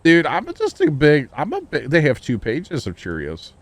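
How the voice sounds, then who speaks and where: A man chatting casually while livestreaming a video game, rambling and joking as he thinks out loud. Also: on the high side, wildly swooping pitch, moderate pace, no echo. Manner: rambling, jokey, thinking aloud. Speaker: game streamer. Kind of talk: casual gameplay livestream chat.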